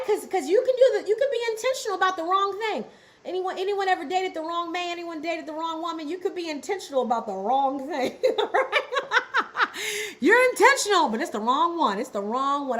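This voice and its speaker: Her voice is very high and fairly bright, and the livestream audio is poor. She leads a business and ministry lesson, repeating its key phrases and asking the audience to respond in the chat.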